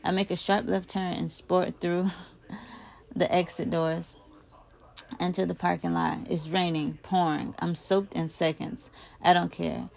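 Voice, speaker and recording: A woman reads a first-person novel aloud, her voice low-pitched and full of gravelly fry. She reads expressively, getting louder when the characters shout. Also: flat delivery, measured pace. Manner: emotive, raises volume for shouted lines. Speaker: audiobook reader.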